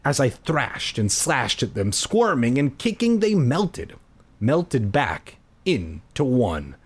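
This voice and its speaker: Husky-voiced man reading aloud with jokey asides. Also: mid-range voice, slow pace. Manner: animated, breaks off into crude throwaway jokes. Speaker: podcast host reading a children's horror book aloud.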